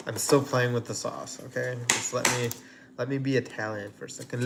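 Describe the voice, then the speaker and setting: A man talking at an ordinary pitch as he cooks and chats on a livestream. His talk is loose and rambling, full of fillers and asides. The home kitchen recording carries clear background noise and the crinkle of packaging. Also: fairly even intonation, moderate pace, fairly bright tone. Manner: rambling, chatty, many fillers. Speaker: host cooking on a livestream. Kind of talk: casual live-stream chat.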